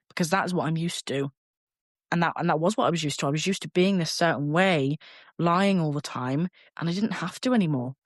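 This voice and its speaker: A young man, a podcast guest telling a personal story in a candid, halting way, swearing casually. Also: a little high, dry recording, studio quality.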